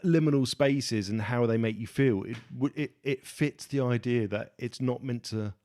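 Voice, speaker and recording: A man's voice: mid-range voice, normal speed, a little mellow. Musing man co-hosting a film podcast. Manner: thoughtful, musing, analytical. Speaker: podcast co-host. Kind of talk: casual film discussion.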